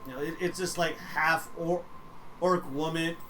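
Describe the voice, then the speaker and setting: A man's voice: on the high side, steady tone, a little slow, heavy background noise. A young man narrating as game master for a streamed tabletop game, rambling with many fillers and casual swearing.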